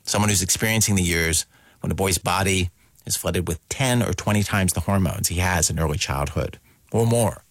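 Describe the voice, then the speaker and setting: A man's voice: low-pitched, moderate pace, no echo. A man hosting a radio show, giving a plain, conversational scripted introduction.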